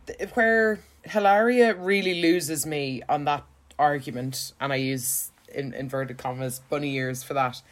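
A young woman co-hosting a podcast, chatting in a lively, gossipy way and laughing often. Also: low voice, measured pace. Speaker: podcast co-host. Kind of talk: casual gossip chat.

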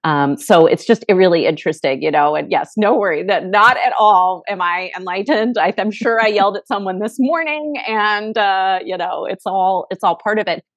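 A woman's voice: mid-range voice, moderate pace, hardly any pauses, no echo. A middle-aged woman talking candidly as an author guest, laughing often and acting out her stories with animation. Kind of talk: casual conversational interview.

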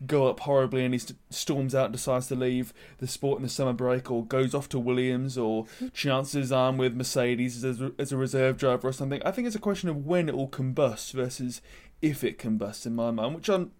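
Man, podcast co-host, chatty, opinionated, everyday pitch. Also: a little fast, few pauses, a little mellow. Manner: chatty, opinionated, presents the news then hands over. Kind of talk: casual motorsport discussion.

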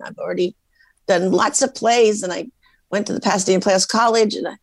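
In a conversational interview, a guest actress from the US, over sixty, recounts stories with animation and imitates the voices of people she quotes. She speaks a little fast in a mid-range voice; the audio is poor but has no echo.

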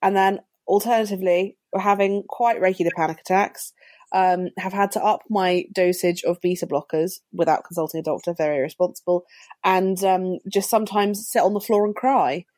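A woman's voice: on the low side, fairly even intonation, brisk, darkish tone, no room sound, clean studio sound. A woman author talking as a podcast guest, wry and self-mocking in a casual chat. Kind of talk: casual conversation.

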